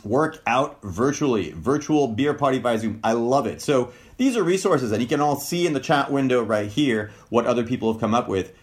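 A man with a middle-pitched voice talks through relationship advice in a loose, conversational way, as if on a video call. He is animated and likes to slip into quick acted-out examples in other tones. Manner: animated, acts out sample quotes in changing tones. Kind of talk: informal talk over video call. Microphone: video call mic.

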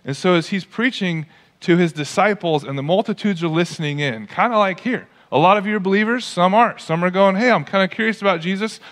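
Guy preaching a sermon, kinda high voice, lively, acts out the quotes, big echoey church. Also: fairly quick. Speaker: pastor. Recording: long church hall reverb.

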